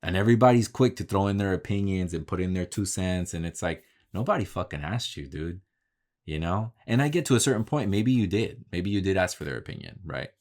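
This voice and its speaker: Low-voiced man in a frank vlog. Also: lively intonation, fairly quick, a little mellow. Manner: profane, candid, talks through stories. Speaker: vlogger. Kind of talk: casual vlog monologue.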